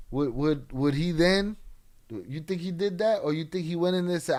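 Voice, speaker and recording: A man's voice: a little high, normal speed, a little mellow. A man hosting a casual livestream, talking bluntly and skeptically with a lot of swearing. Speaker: livestream host.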